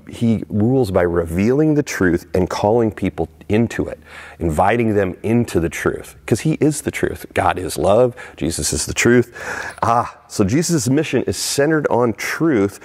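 A man preaching a sermon as pastor, retelling scripture and acting out the crowd's shouts. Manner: animated, rising in pitch when acting out crowd lines.

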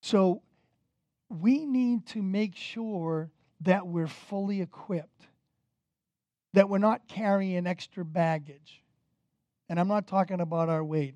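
A man preaching a sermon as pastor, energetic and conversational, with casual fillers. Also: high-pitched, no echo.

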